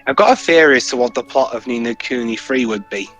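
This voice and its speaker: A man's voice: mid-range voice, fast talker, a bit bright, faint music behind. A man in casual gaming chat, joking and rambling through theories.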